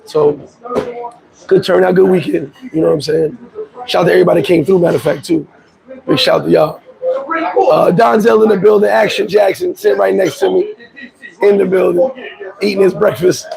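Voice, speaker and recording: A hoarse man hosting a casual live chat, laid-back, shouting out viewers by name. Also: sits high, moderate pace, long pauses, crowd noise, poor audio. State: hoarse, voice worn out. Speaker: livestream host.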